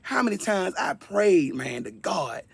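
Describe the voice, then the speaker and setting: A man in his fifties shares a personal testimony in an earnest, conversational monologue. His voice is gravelly and husky and sits a little high for a man. He often repeats words to press a point home. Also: big pitch swings, unhurried, no echo. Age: 50s. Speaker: speaker sharing a personal testimony.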